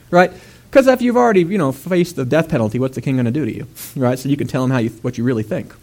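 A male preacher retelling a scripture story in a casual, chatty way, with fillers and quick asides. His voice sits in an ordinary middle pitch. He keeps building up to loud, emphatic stretches. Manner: animated, rising to raised emphatic delivery; conversational asides with fillers and laughs. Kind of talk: sermon.

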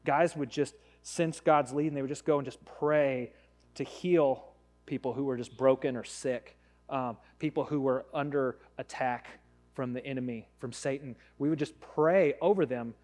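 A man's voice: medium pitch, fairly even intonation, moderate pace, darkish tone. Man preaching casually in a reverberant hall. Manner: casual, storytelling, conversational preaching. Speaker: pastor. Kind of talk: sermon.

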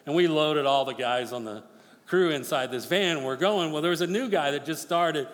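A man preaching a sermon as pastor, swinging from forceful near-shouted appeals to hushed, quick storytelling. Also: fairly high pitch. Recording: long reverb of a large hall.

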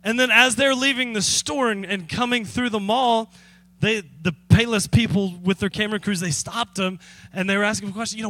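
High, bright-voiced pastor preaching. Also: male voice, a little fast. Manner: storytelling, lively and conversational, laughs often; direct appeals to the congregation. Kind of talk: sermon.

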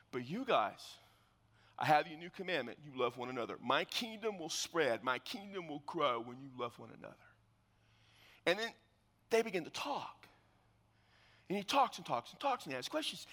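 Pastor, male, high bright voice, animated storyteller who acts out the scenes, preaching in a long-reverb church hall. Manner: drops to hushed tones for solemn points. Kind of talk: sermon.

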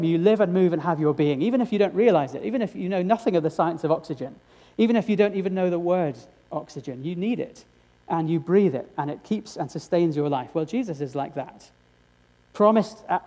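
Earnest male preacher, mellow voice. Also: a little high. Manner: earnest, with rhetorical questions to the congregation. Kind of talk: sermon.

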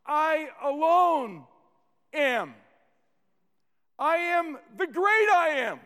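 A male pastor with a high voice delivers a sermon at an unhurried pace. Each phrase is stressed with deliberate emphasis. His voice rings out with a long hall reverb. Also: a bit bright.

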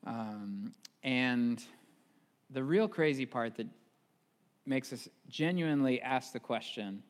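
A male pastor preaching a sermon in a church, retelling a story in casual, animated style with fillers. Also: mid-range voice, slow pace, in a large hall.

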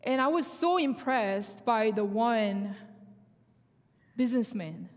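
A young woman with a Korean accent, a native Korean speaker, giving a sermon testimony in animated storytelling that acts out dialogue, with halting phrasing. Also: fairly high pitch. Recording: long hall reverb.

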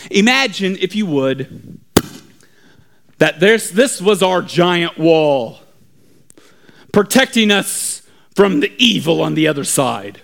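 A male pastor preaching a storytelling sermon, swinging between hushed asides and shouting. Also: sits high, sing-song, a little slow.

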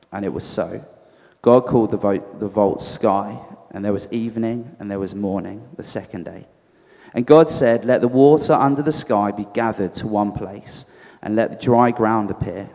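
A man with a Southern American accent reading scripture aloud at a measured, deliberate pace in a church. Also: fairly low pitch, mellow. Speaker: scripture reader. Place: church hall. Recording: echoey church hall, off mic.

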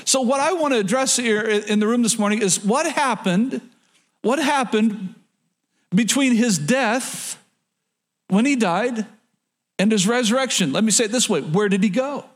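A man's voice: high-pitched, moderate pace. A man preaching a sermon to his congregation, reading scripture and repeating phrases for emphasis. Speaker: pastor. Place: church in front of a congregation.

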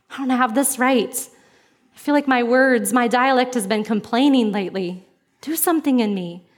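A woman pastor delivering a sermon in an animated, conversational way. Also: fairly high pitch.

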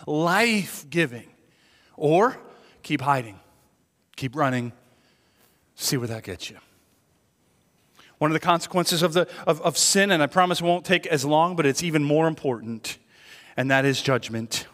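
A preaching man in a reverberant church hall. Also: medium pitch. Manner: conversational preaching, swings from quiet confession to loud emphatic points. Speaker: pastor. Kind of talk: sermon. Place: church sanctuary.

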